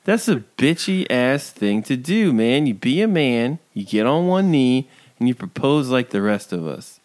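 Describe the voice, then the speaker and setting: A man's voice: medium pitch, big pitch swings, a little slow, darkish tone. A man co-hosting a casual chat show, mocking someone in a profane, laughing tirade. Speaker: podcast co-host.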